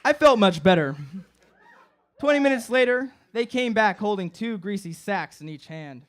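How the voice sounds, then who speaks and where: A man's voice: high-pitched, lively intonation, normal speed, fairly bright tone. A young man performing a comic personal story live on stage, acting out his friends' voices. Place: live stage before an audience.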